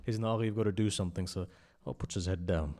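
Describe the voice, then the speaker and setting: A man giving an impassioned sermon at a memorial gathering, telling a story and swinging between loud emphasis and hushed asides. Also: low-pitched, fast talker. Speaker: speaker at a memorial majlis.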